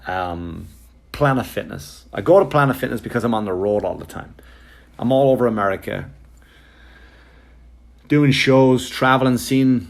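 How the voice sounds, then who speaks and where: A man's voice: medium pitch, creaky. A male comedian telling a rambling, exasperated story on a podcast, swearing freely and acting out what others said. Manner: profane, exasperated anecdote telling with quoted voices; rambling, with frequent fillers and restarts.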